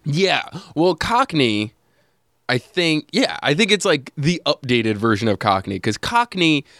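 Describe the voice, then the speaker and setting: A man's voice: a little high, big pitch swings, a little slow, fairly bright tone, dry recording. Casual podcast host, man, talks on the fly, dry close mic. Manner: rambling, with frequent fillers and laughs. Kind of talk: casual chat.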